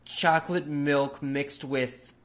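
A man's voice: fairly high pitch, fairly even intonation, slow, a bit bright. A man hosting a podcast, telling a personal story in a loose, chatty way with lots of fillers and some casual swearing. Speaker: podcast host.

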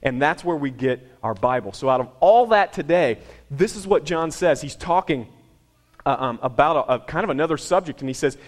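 A man's voice: a little high, animated, fairly quick. A man preaching a sermon in a conversational, emphatic way, repeating phrases for effect. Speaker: pastor.

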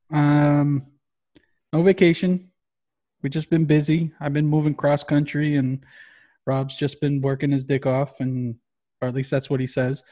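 A man co-hosting a podcast in casual chat, rambling and swearing constantly in an animated way. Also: on the high side. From Massachusetts. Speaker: podcast co-host.

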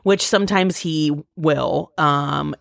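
A woman's voice: low voice, takes it slowly, vocal fry, no echo, clean studio sound. A woman in her thirties co-hosting a podcast, telling a long story in casual chat with lots of fillers and acted-out quotes. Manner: rambling, animated storytelling with fillers and quoted voices. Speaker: podcast co-host.

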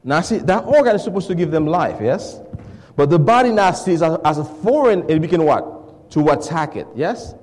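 A man preaching a call-and-response sermon, asking the congregation to finish his sentences and swinging between hushed lines and shouts. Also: a little high, lively intonation, normal speed, big-room sound. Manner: asks the congregation to fill in words, swings from soft to shouting.

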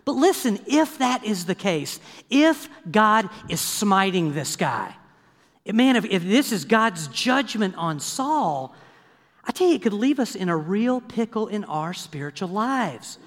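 A man preaching a sermon as pastor, lively and conversational, checking in with the congregation with frequent asides. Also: high-pitched, measured pace. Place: church sanctuary. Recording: long hall reverb.

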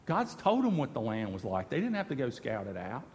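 A man's voice: mid-range voice, huge pitch swings, a little fast, a little mellow, in a large hall. A man preaching a sermon, repeating phrases for emphasis and speaking quoted lines of God and the people. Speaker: pastor.

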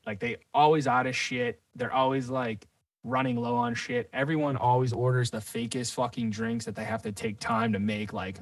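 Male podcast co-host, rambling profane rant, mid pitch, dry and slightly off-mic. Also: normal speed, dry recording, recorded from a distance. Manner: profane, rambling, says dude a lot.

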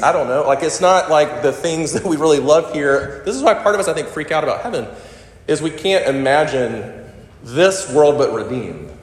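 Male pastor mid-sermon, conversational and playful, medium pitch, recorded in a reverberant hall. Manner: animated, conversational, with quips and laughs. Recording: echoey hall with long reverb.

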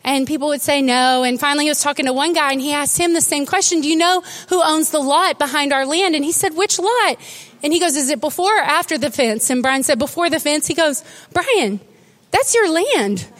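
A woman pastor preaching a sermon, telling stories with animated, emotional delivery that turns tearful at times. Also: high voice, fairly quick.

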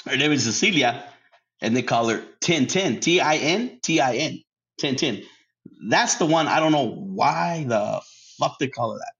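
A man's voice: mid-range voice, animated, moderate pace, a bit bright. A man hosting a casual solo podcast. He laughs often, swears freely and drops Spanish words into his English. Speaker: podcast host. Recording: dull lo-fi sound.

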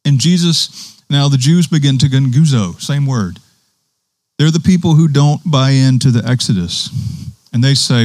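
Male preacher, mid-pitched, conversational sermon delivery, dry close recording. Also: animated, normal speed, darkish tone, no room sound. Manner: conversational preaching, quotes scripture with emphasis.

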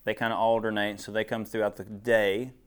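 A man's voice: fairly low pitch, flat delivery, brisk. Male preacher, folksy and joking, casual talk to a small group, lapel mic. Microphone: clip-on wire mic.

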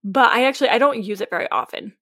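A woman's voice: fairly high pitch, fast, fairly bright tone, no echo, clean studio sound. A woman co-hosting a podcast as a novelist, chatting casually and playfully teasing her co-host. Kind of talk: casual chat.

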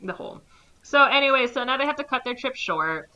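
A woman's voice: sits high, lively intonation, brisk, sharp tone, highs cut off. A young woman casually recapping a movie plot, rambling with lots of "like" and acting out the characters' lines.

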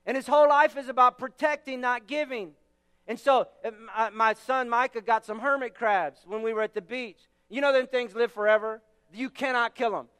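A man pastor preaching a sermon emphatically, repeating words and shouting key phrases. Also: very high-pitched, fairly even intonation, moderate pace, clear, resonant tone, in a large hall.

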